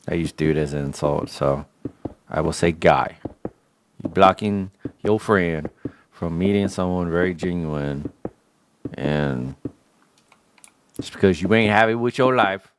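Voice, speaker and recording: A man's voice: low voice, a little hiss or hum. A man livestreaming a game, chatting casually in a slangy, joking rant. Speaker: gaming livestreamer. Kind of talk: casual chat while gaming.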